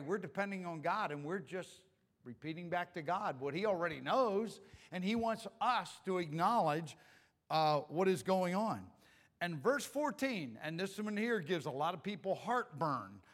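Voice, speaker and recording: A man's voice: high voice, fairly bright tone, in a large hall. A man preaching a sermon in a casual, joking way, acting out the lines he quotes. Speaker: pastor.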